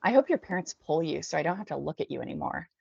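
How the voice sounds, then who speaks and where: A woman's voice: sits low, very animated, fast, creaky, warm tone, husky, no room sound, full character voice. A woman voicing a hostile teenage girl who speaks with contempt. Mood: contemptuous. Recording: dull dry lo-fi recording.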